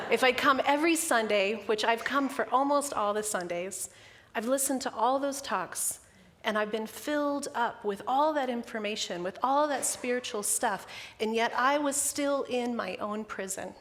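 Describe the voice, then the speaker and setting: A woman's voice: a little high, unhurried, fairly bright tone, slight background noise. A middle-aged woman minister giving a candid, personal sermon, emotional and close to tears. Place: church sanctuary. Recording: long hall reverb.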